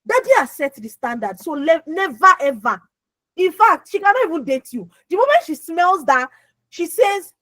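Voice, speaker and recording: A young adult woman with a naturally loud voice, coaching an audience on a video call. She is emphatic, repeats words and keeps asking her listeners questions. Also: extremely high pitch, big pitch swings, normal speed, no room sound, rough recording. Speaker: emotional healing coach. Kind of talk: lively motivational talk on an online call.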